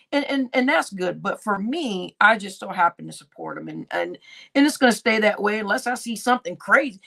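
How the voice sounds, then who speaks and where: On a casual livestream, a woman tells a meandering story and acts out what others said. Her medium-pitched voice has vocal fry and a slightly bright quality.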